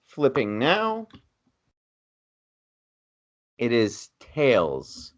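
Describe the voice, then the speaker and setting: A man's voice: medium pitch, wildly swooping pitch, extremely slow. A man hosting a film podcast, moderating a bracket debate in an easygoing, laughing way. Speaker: podcast host running the bracket. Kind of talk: casual moderating chat.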